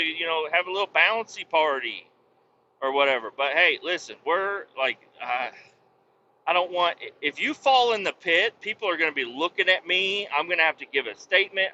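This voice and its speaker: A man's voice: fairly high pitch, bright, forceful tone. A man telling a story in a rambling, profane, exasperated way, as host of a casual podcast. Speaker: podcast host and vac truck operator. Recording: dull lo-fi sound with faint noise.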